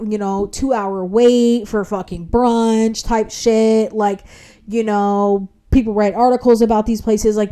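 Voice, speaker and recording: Young woman vlogger, profane, animated, lots of "like", pitch spikes when outraged. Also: clear, resonant tone. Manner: profanity-laden, heavy use of "like"; animated, indignant retelling with sudden jumps in pitch. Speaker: vlog host. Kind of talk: casual storytelling monologue.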